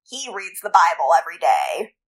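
Woman, husky voice, podcast co-host, thoughtful measured book talk. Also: lowish voice, wildly swooping pitch, low-quality recording. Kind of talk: casual book discussion.

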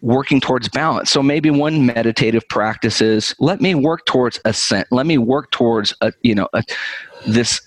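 A man's voice: medium pitch, moderate pace, dry recording, low-quality recording. A man hosting a podcast, talking in a reflective, conversational way about his practice. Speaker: podcast host.

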